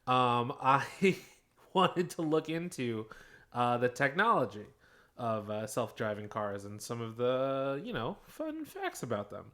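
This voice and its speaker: Slow, halting male podcast host. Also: medium pitch, very animated, pushed and bright. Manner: slow, halting delivery with many fillers. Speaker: podcast co-host presenting research. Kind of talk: casual podcast chat.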